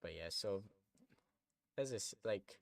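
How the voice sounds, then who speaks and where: A young man with a very low voice talks through a gaming stream in a loose, rambling way. He chats with viewers as he plays, drifting between comments and what he is doing in the game. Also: animated, slow, creaky, dry recording. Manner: rambling, chatty, reads chat aloud while playing. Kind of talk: casual gameplay stream chatter.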